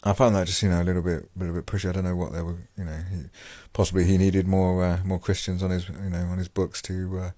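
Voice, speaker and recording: A man's voice: low voice, level tone, fast, few pauses, mellow, dry recording. A man hosting a podcast, talking casually about his time in prison, rambling with many fillers and restarts. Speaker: podcast host and former prisoner. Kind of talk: casual monologue.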